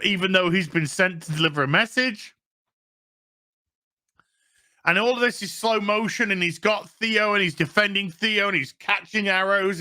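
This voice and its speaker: A man's voice: high-pitched, pushed and bright. A man with a Yorkshire accent hosting a TV review, recapping an episode in a sarcastic, profane rant and putting on mocking voices for the characters. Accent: Yorkshire English. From England. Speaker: TV review host.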